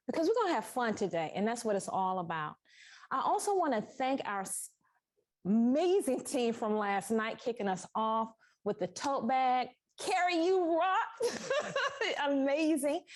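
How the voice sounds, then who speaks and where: Woman sewing instructor, warm-up talk to a live class, animated, congested, echoey studio. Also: on the high side, a little slow. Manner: emotional, animated, thankful. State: sinus congestion. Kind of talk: welcoming a live class before a tutorial. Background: construction noise next door.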